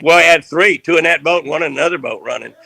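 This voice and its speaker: An older man, telling a rambling fishing story in a folksy, animated way. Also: a little high, fast talker, creaky, dry recording. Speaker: fishing guest.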